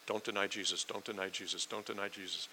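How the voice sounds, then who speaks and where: An anxious, quiet man, voiced by a preacher murmurs the same warning over and over to himself. His tone stays very bright and sharp even at low volume. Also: normal speed. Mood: muttering. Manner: hushed repetitive self-reminding mutter. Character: anxious apostle Peter muttering reminders to himself.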